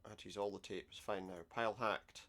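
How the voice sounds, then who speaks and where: Gravelly low-voiced man playing a game. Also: flat delivery, quick pace, bright, forceful tone. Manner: wry, sarcastic asides. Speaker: let's play gamer. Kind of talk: casual game commentary, reading game dialogue aloud.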